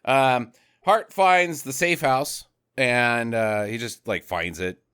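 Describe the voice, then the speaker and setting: Bright, crisp-voiced man recapping a movie. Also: mid-range voice, slow. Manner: rambling, dry sarcastic asides. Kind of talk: casual bad-movie recap.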